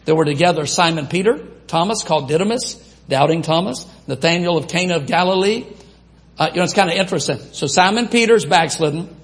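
A man with a fairly high voice preaches with a drawl. He reads scripture aloud and asks the congregation questions in an animated way. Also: a little fast. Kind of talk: sermon.

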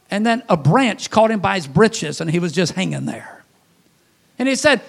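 A high-voiced man preaches a sermon in a folksy, storytelling way. He piles up rhetorical questions and swings between loud and hushed delivery. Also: normal speed, gravelly. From Louisiana, USA.

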